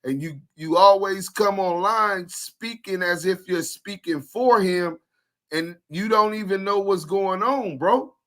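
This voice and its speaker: A man's voice: high-pitched, measured pace, fairly bright tone. A man co-hosting a podcast in casual chat, blunt and confrontational with a lot of street slang. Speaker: podcast co-host.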